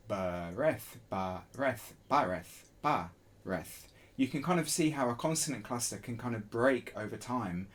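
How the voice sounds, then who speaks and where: Man, low voice, casual teacher, sounds out example words. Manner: casual, relaxed explaining with spoken pronunciation demos. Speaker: Chinese to English translator, educational presenter. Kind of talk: explanatory lesson talk.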